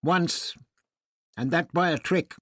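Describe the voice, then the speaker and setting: Man doing a stubborn blustering warrior, raised husky voice, slow. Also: fairly high pitch, a bit bright, no room sound, clean studio sound, pitched above the performer's own voice. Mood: defiant. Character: proud, hot-tempered male warrior. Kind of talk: audiobook character voice.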